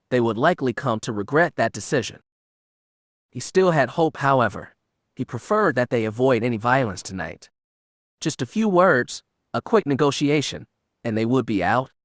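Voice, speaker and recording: Male audiobook narrator, mid-pitched, measured, dry close mic. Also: a bit bright, no room sound. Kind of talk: scripted narration.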